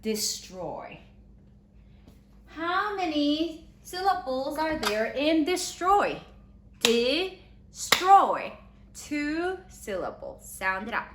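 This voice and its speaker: A woman teaching a third-grade spelling lesson, slowly sounding out letters and giving encouraging praise. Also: high voice, very animated, fairly bright tone, a little hiss or hum. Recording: echoey room with faint ambience.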